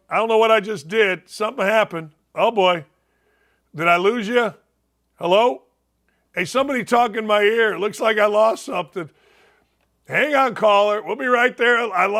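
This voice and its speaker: Middle-aged male talk host, rambling and sarcastic, high pitched with a gravelly edge. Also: fairly bright tone. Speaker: sports talk show host. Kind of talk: opinionated sports and politics talk show.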